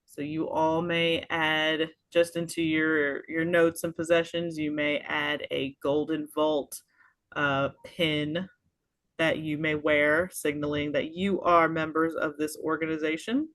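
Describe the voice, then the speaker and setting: A woman running a tabletop game as game master, narrating in an unhurried way with many small pauses and fillers. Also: deep voice, flat delivery, fairly bright tone, no echo.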